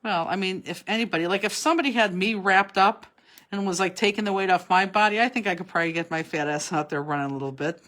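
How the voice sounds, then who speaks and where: A woman's voice: mid-range voice, quick pace, fairly bright tone. Chatty woman teaching a crafting class. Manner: chatty, instructive, teasing asides. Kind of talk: live online card-making class, casual chat.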